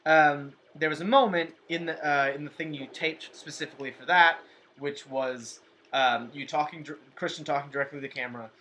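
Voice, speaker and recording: A man playing a game in a casual let's play, chatting and reacting with curses and quick questions. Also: on the high side, sharp tone, slight background noise. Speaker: player of the game.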